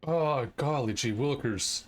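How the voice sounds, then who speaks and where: Playing a game live, a young man keeps up an excitable, swearing commentary and lets out sudden yelps when things get close. His voice sits in the mid range and moves a little slowly.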